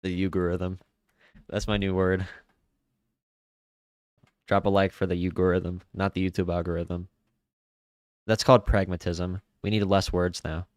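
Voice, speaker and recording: Deep-voiced man chatting on stream. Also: flat delivery, a little slow, long pauses, no echo, clean studio sound. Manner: distracted, laughs at his own slips. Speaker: political streamer host. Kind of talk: casual stream chat.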